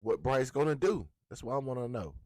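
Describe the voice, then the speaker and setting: A man's voice: mid-range voice, sing-song, fairly quick, a little mellow, dry recording, studio quality. A man hosting a live sports commentary stream, talking in a slangy, taunting way and repeating his lines in a sing-song chant. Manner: slangy, casual. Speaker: streamer host.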